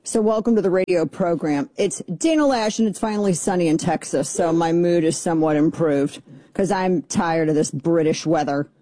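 A woman's voice: fairly low pitch, normal speed, dark tone, no echo. A middle-aged woman hosting a political radio talk show, chatty, opinionated and sarcastic. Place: radio studio.

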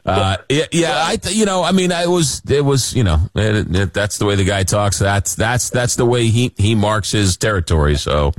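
Low-voiced male radio talk host. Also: expressive, no echo. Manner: reads listener messages, halting with many restarts. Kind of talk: late-night call-in radio talk.

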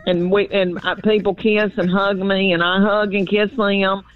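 A woman's voice: medium pitch, little pitch movement, normal speed, muffled recording. An older woman from Knoxville with an East Tennessee accent, chatting as a comedian guest in a casual phone interview, folksy and self-mocking.

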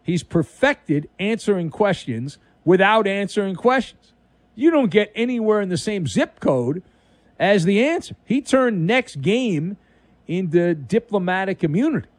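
A man's voice: sits high, very animated, unhurried, no echo. A man hosting an overnight sports talk radio show, delivering a wisecracking monologue with dramatic emphasis.

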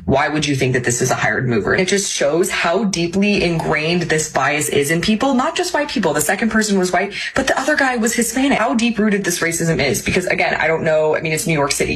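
Rapid, indignant storyteller. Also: mid-range voice, fairly bright tone, poor audio. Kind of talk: fast personal story to camera.

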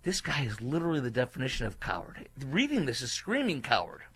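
A man hosting a political commentary show, delivering an indignant, emphatic rant that leaps up in pitch and loudness, then drops into low, muttered asides. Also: huge pitch swings, quick pace, breathy edge. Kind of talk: opinionated monologue.

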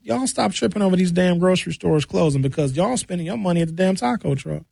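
A man with a fairly high voice rants in a mocking, opinionated monologue. The sound is dry and close, with no room around it. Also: expressive, quick pace, vocal fry, darkish tone, breathy edge, no room sound. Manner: ranting, mocking. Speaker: commentator.

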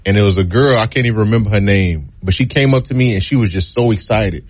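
A man talking through his football years in a casual interview. His voice sits low, and he tells it in a relaxed, storytelling way, putting on voices for the people he quotes. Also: fast. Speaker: guest, former college football player.

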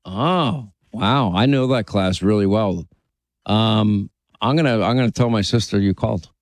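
A man from Long Island hosting a call-in radio show, greeting callers briskly and keeping things moving. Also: fairly low pitch, dry recording. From Long Island, New York. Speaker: radio talk show host. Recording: dry studio sound.

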